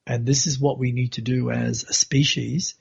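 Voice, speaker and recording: A man who is a podcast guest, recounting a personal spiritual experience in an earnest, unhurried way on a dull, lo-fi recording. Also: mid-range voice, level tone, vocal fry, husky.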